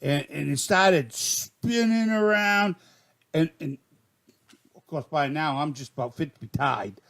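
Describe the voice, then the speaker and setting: An older man with a Maine accent tells a rambling comic tall tale in excitable folksy slang. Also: fairly high pitch, slow pace, gravelly. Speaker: storyteller.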